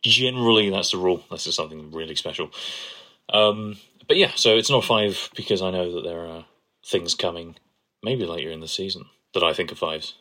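Co-host, man, very low voice, playful and gushing. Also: a little fast, sharp tone. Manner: playful, enthusiastic, gushes over quotes. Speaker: podcast co-host. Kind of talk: casual chat.

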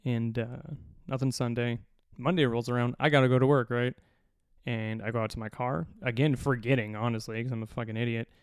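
A man hosting a podcast, telling a long personal story in a profane, animated, self-mocking way. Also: mid-range voice, brisk, clear, resonant tone, dry recording, studio quality. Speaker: podcast host. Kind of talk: casual storytelling.

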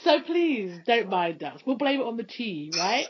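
Woman host, casual chatty talk, fairly high voice, muffled lo-fi recording. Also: very animated, slight background noise. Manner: chatty, quick, full of fillers like "you know". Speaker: podcast host. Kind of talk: casual chat.

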